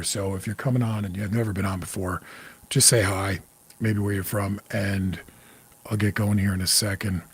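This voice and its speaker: Husky-voiced man in his forties, candid livestream host. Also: lowish voice. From New York area. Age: 40s. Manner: candid, loose, curses freely, greets viewers. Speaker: psychic medium host. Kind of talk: casual livestream talk.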